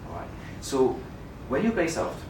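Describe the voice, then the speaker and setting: A man's voice: medium pitch, huge pitch swings, normal speed. A middle-aged man from France with a French accent, teaching a flute masterclass and coaching with sung syllables. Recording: roomy, distant mic, noisy.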